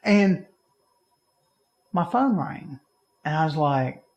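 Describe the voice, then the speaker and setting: A man's voice: fairly high pitch, takes it slowly, highs cut off. A man, co-hosting a podcast and telling a story in casual chat, acting out the people he quotes. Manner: animated, acts out quoted people in raised voices. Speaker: podcast co-host.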